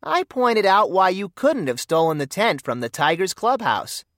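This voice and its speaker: A storyteller voicing a confident young boy detective who speaks crisply and surely. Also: medium pitch, very animated, moderate pace, a bit bright, no room sound, clean studio sound, voice pushed up. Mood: calm confident.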